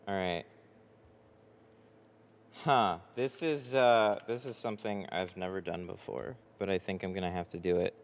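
In a measured pace with long pauses and a steady tone, the man's fairly low voice drifts through casual livestream chat, rambling with frequent fillers. He's a window tint installer on a headset, his voice echoing with the long reverb typical of a tint workshop.

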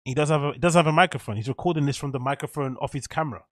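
A man's voice: on the high side, racing, no room sound. A man hosting a reaction video, rambling, joking and swearing freely as he comments.

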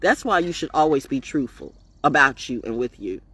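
A woman's voice: a bass voice, animated, moderate pace, fairly bright tone, breathy edge. A woman giving a rambling, defiant spiritual monologue on her vlog, streetwise and preachy, swearing freely. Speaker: spiritual vlogger.

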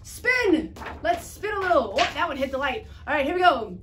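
Young woman, high and wildly animated, kids' ministry teacher, bouncy and exaggerated, moving while talking. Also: noisy background. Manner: bubbly, exaggerated, sings and shouts, talks fast. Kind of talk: energetic kids' Bible lesson to camera.

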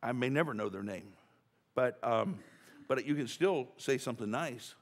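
A man's voice: mid-range voice, animated, moderate pace. A man preaching a casual, joking sermon as pastor, talking chattily with many restarts and asides. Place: church sanctuary. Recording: church hall reverb.

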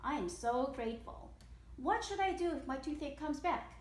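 A big, selfish crocodile bellows orders in a high, ringing voice, as a woman puts him on for a storybook read-aloud. The sound bounces around an echoey room. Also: lively intonation, moderate pace. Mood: relieved. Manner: loud bossy shouting.

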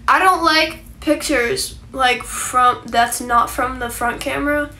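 Bright high-voiced young woman rambling. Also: slow, slight background noise. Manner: rambling, frequent likes and ums, swears casually. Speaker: livestreamer. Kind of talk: casual livestream chat.

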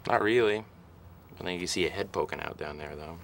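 He is a wisecracking guy firing off dry, deadpan insults one after another. His voice sits low and even. Faint noise hums in the background. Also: a little fast, gravelly. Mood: deadpan mocking. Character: wisecracking man trading insults. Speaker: film actor in outtakes. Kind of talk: improvised film comedy.

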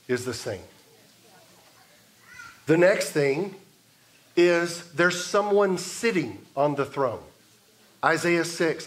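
A man preaching a sermon as pastor, in a measured way, building emphasis through repetition. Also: on the high side, fairly bright tone. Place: church sanctuary.

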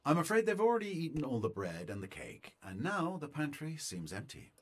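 A man's voice: on the high side, huge pitch swings, brisk, exaggerated voice. An actor playing a male advisor in a strategy game, reporting events in a wry, theatrical way.

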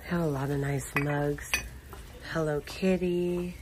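A woman's voice: sits low, steady tone, takes it slowly, background noise. A woman narrating a casual shopping walkthrough, chatting as she reads out prices and product labels. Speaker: shopping vlogger. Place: inside a large retail store.

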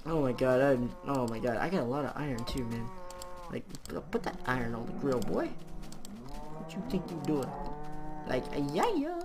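A man giving casual let's-play commentary while gaming, excitable, often exclaiming and swearing, with frequent laughter. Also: mid-range voice, moderate pace. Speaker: gaming video host. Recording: clear background noise.

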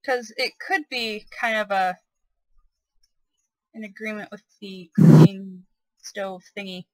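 A woman's voice: mid-range voice, takes it slowly, darkish tone, dry recording, low-quality recording. A woman giving gameplay commentary, curious and speculating aloud as she plays. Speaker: let's play host.

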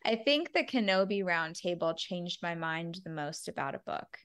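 A woman's voice: fairly low pitch, lively intonation, normal speed, fairly bright tone, smooth. Female co-host, eager and casual, restarts her sentences a lot. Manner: enthusiastic, stumbles and repeats words. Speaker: podcast co-host. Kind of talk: casual podcast chat.

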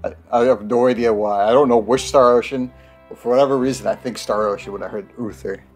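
Gravelly-voiced man chatting casually. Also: mid-range voice, steady tone, fast talker, darkish tone, soft background music. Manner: hesitant, filler-heavy, chuckling. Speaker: co-host of a let's play. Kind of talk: casual chat.

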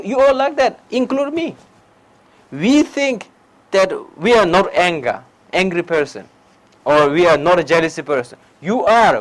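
High-voiced Nepali man teaching meditation. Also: rough recording. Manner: non-native English, animated anecdotes, frequent "huh?" asides. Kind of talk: public dharma talk. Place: lecture hall before an audience.

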